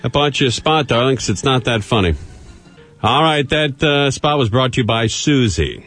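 A man hosting a call-in radio talk show, taking callers briskly and trading dry wisecracks. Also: mid-range voice, expressive, a bit bright, soft background music. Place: radio studio. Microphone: studio microphone.

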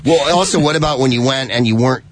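A man's voice: medium pitch, fast talker, dry recording. A man co-hosting a radio talk show, reminiscing and chiming in with agreement. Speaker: radio co-host. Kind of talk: casual radio chat. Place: radio studio. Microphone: studio mic.

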